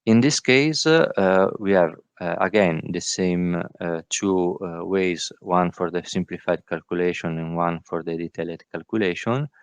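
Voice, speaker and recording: Halting, low-voiced man presenting slides. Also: clean tone, no room sound. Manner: halting, many filler sounds. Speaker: workshop presenter. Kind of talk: technical presentation. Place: virtual workshop call.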